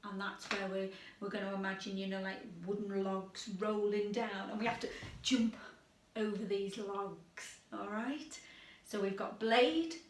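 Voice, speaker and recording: A woman leading a drama warm-up video, chatty and lively, calling out game commands with energy. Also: medium pitch, unhurried, distant mic, a little hiss or hum. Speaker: drama workshop leader. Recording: echoey room, voice away from mic.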